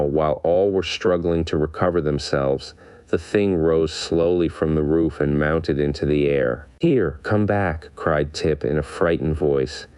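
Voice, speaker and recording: A man reading a classic children's fantasy novel aloud as an audiobook narrator, lifting his pitch a little for the characters' dialogue. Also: clean tone, no room sound. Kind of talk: scripted narration.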